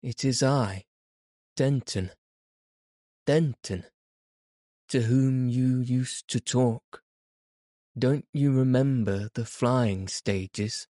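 A man's voice: mid-range voice, dark tone, no echo, clean studio sound. A man voicing a desperate young man pleading with a woman to remember him. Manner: pleading, anguished.

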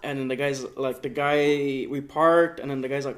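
A young man co-hosting a podcast tells a story in a relaxed, slangy, profane way, lively as he acts out what each person said. He speaks at medium pitch and a moderate pace.

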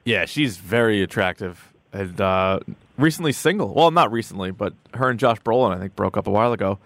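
A man in casual podcast chat, co-hosting and reading listener questions aloud. His voice sits at an ordinary middle pitch and sounds close and dry, with no room around it. He talks in an animated way and mocks movie lines in put-on voices. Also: fairly quick, no echo.

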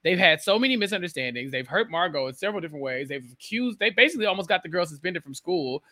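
A podcast co-host chatting casually, thoughtful and explaining with small filler pauses. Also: mid-range voice, expressive, bright, forceful tone, no room sound.

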